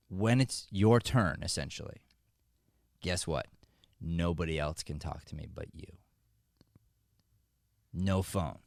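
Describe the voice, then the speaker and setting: A man hosting a podcast as an acting coach, giving motivational advice in an energetic, joking, conversational way. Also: low voice, creaky, dry recording, studio quality.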